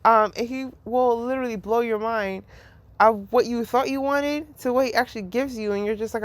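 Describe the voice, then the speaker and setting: A woman's voice: a little high, fairly even intonation, normal speed, dry recording. Rambling, laughing woman musing on faith. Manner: rambling, profane, laughs often, heavy use of "like". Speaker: podcast host. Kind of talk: casual spiritual reflection.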